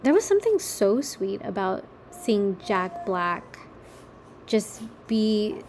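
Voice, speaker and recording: A young woman rambles through her solo podcast at an unhurried pace, chatty and self-mocking, with casual swearing. She talks from her kitchen table at home, with a faint background hum in the room. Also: mid-range voice, big pitch swings, darkish tone. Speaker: podcast host.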